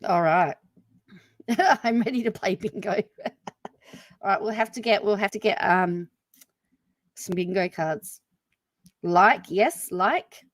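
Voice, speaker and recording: Woman, stream commentary host, incredulous asides, mid pitch, dry sound. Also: no echo. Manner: incredulous, chatty, quick asides to viewers.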